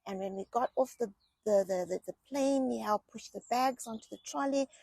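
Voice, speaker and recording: A middle-aged woman from England telling personal family stories in a chatty, animated vlog style, often repeating herself. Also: a little high, brisk, creaky, breathy edge, dry recording. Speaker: vlogger. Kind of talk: casual personal storytelling.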